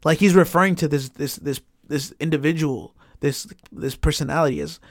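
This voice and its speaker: Man, gravelly voice, dry close sound, animated casual storytelling. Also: a little high, a little fast, no room sound. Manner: animated, swears often, heavy "like" fillers.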